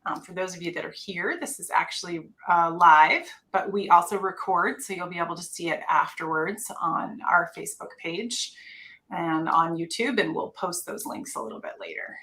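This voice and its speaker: Woman, live stream host, upbeat, bright sharp tone, casual chat, video call mic. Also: lowish voice, normal speed. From North Carolina. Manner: upbeat, greets viewers by name.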